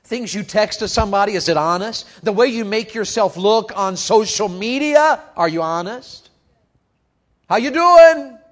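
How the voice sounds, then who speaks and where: A man preaching a youth sermon, animated and calling out questions to the crowd, moving from quiet talk to shouting. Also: high-pitched, normal speed, hardly any pauses.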